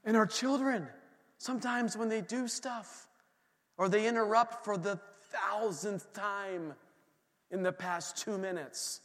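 A man in his thirties delivers a lively sermon, tossing in asides and humor for the congregation. His voice sits high for a man. The sound rings with the long reverb of a church hall. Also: takes it slowly. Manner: animated preaching with asides and humor. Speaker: pastor. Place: church sanctuary.

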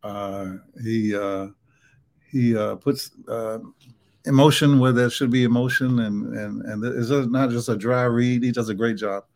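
A man with a Southern US accent, a book author talking as a podcast guest in a relaxed way, mumbling some words and laughing often. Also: mid-range voice, unhurried. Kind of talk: podcast interview.

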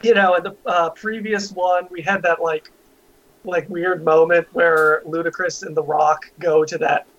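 A man's voice: a little high, level tone, a little slow, a bit bright. A man co-hosting a casual podcast chat, giggly and nitpicking as he talks. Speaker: podcast co-host. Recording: muffled lo-fi recording.

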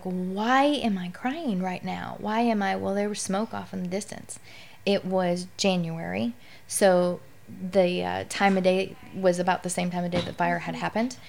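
A woman's voice: lowish voice, gravelly. A middle-aged woman speaking candidly and with emotion as a guest in a conversational interview.

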